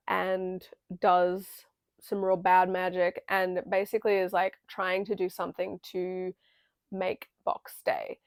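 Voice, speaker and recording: Chatty young woman with vocal fry. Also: medium pitch, no echo. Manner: chatty, full of "like" and "um", swears casually. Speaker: video essay creator. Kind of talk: casual film analysis.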